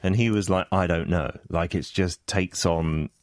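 A man's voice: low voice, steady tone, unhurried, no echo, studio quality. A man co-hosting a radio show, rambling through casual chat and joking along. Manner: chatty, rambling, jokey. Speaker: radio co-host.

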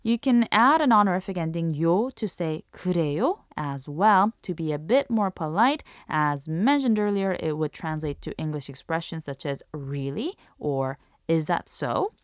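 A woman's voice: low voice, expressive, normal speed, hardly any pauses, no room sound, studio quality. A woman hosting a language lesson, reading a scripted explanation and demonstrating intonation with example phrases. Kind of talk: scripted radio-style lesson narration.

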